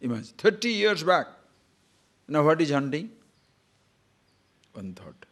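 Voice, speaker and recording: An older man giving a spiritual discourse as a teacher, animated, asking rhetorical questions and chuckling now and then. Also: fairly high pitch, a little slow.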